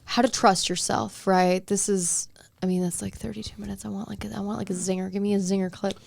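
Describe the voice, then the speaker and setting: A woman's voice: mid-range voice, little pitch movement, fairly quick, vocal fry, no room sound. Sarcastic woman podcast co-host. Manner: sarcastic, opinionated, reads comments aloud. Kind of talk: casual chat.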